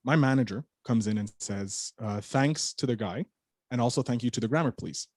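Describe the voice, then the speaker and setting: A man on a podcast as a guest, telling a story in an animated, casual way and swearing freely. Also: medium pitch, normal speed, dry recording, studio quality.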